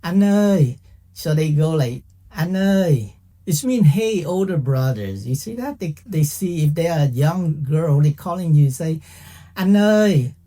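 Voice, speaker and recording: A man's voice: fairly high pitch, animated, normal speed, hardly any pauses, dark tone. A man teaching a casual language lesson, chatty and playful, often checking in with "okay?". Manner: playful, laughs at own jokes.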